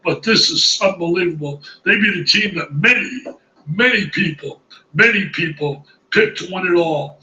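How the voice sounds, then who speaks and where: A man's voice: high-pitched, moderate pace, sharp tone, roomy sound, distant mic, muffled recording. A man reacting as a college basketball analyst, exclaiming emphatically and repeating his phrases in disbelief. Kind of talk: excited studio reaction commentary.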